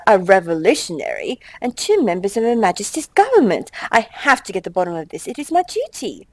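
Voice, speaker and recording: A young woman hosting a game let's play, chatting with quick exasperated asides and reading game text aloud. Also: a little high, darkish tone, dry recording, rough recording.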